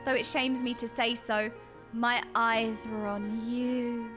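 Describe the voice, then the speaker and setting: A woman's voice: on the high side, flat delivery, takes it slowly, over music, pitched below the performer's own voice. A woman voicing an earnest, humble young male mage, reading game dialogue in a formal, flustered way.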